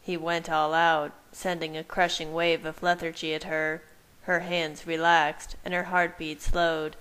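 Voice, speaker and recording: A woman narrating a first-person fan fiction story in a soft, measured way. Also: low-pitched, level tone, clear, resonant tone, low-quality recording.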